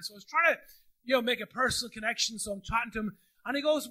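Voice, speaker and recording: An Irish man preaching as a pastor in a church, telling stories in an animated, jokey way and acting out the dialogue. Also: very high voice, very fast. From Ireland. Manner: animated, jokey storyteller who acts out dialogue. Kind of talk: sermon storytelling. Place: church auditorium.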